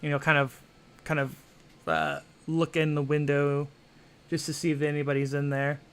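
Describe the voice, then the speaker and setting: A man's voice: on the high side, level tone, moderate pace, clear, resonant tone. A man narrating a tabletop game as game master in a rambling way, full of fillers and restarts.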